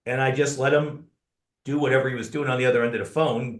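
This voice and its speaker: A man's voice: mid-range voice, fairly even intonation, fast talker, roomy sound. A man telling stories as a podcast guest, earnestly and often addressing the host by name. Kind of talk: conversational storytelling.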